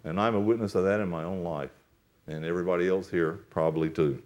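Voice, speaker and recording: Preacher swinging from loud to hushed. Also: male voice, steady tone, fast talker. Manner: swings from loud emphatic preaching to quiet, low asides; reads scripture in solemn King James cadence. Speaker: pastor. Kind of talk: sermon reading and explaining Bible verses.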